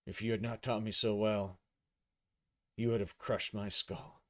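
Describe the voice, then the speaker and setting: A man's voice: fairly low pitch, level tone, measured pace, lightly acted. A man voicing a grateful young male gunslinger. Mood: solemn thanks.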